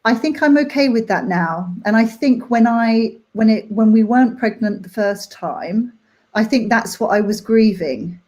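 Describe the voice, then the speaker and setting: A young woman talking candidly and emotionally about a hard personal time, halting with many fillers. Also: fairly high pitch, expressive, a little mellow. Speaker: nanny sharing her story.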